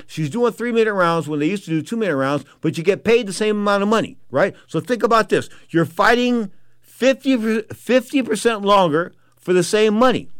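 A man's voice: fairly high pitch, no echo. A middle-aged man telling boxing stories in a casual, emphatic monologue, often checking in with "okay?". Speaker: boxing commentator.

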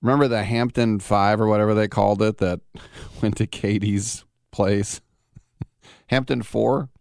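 Brash low-voiced male sports radio host. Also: fairly even intonation, unhurried, vocal fry, a little mellow, no echo, clean studio sound. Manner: brash, rambling, rhetorical questions. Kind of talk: casual sports talk radio.

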